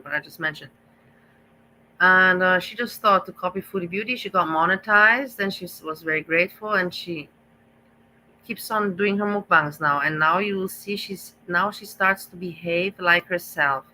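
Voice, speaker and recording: Bright-voiced woman rambling through a reaction stream. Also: fairly low pitch, normal speed, slight background noise, rough recording. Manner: rambling, repetitive, gossipy, with restarts. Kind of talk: live reaction commentary.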